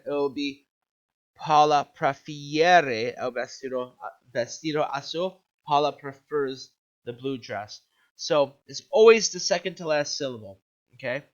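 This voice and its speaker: A male Spanish teacher giving an upbeat video lesson, checking in with "okay?" and quizzing the viewer. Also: a little high. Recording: dull lo-fi recording.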